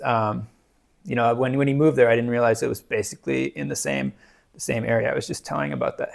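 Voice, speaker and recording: A book reviewer from the United States, a man with a creaky mid-range voice, chats casually about books. He rambles, with lots of fillers and restarts.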